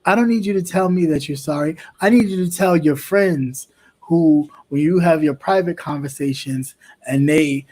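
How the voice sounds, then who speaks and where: Casting: male talk host, fairly high voice, passionate and emphatic. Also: moderate pace, a little mellow. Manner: impassioned, emphatic repetition. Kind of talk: political commentary talk.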